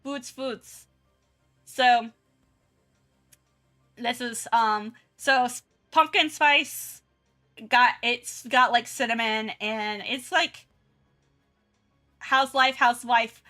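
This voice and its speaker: A giggly young woman chats loosely as she draws on stream, her voice bright and a little high. She restarts often, and faint music plays behind her. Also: extremely slow, pauses often. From Southern United States. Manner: chatty and giggly, many restarts and fillers. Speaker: art streamer. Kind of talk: casual chat while drawing on stream.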